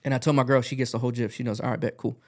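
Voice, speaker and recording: A man's voice: medium pitch, little pitch movement, very fast. A man, a podcast guest and music artist, telling a rambling story in a casual chat, full of fillers and swearing, acting out the lines he quotes.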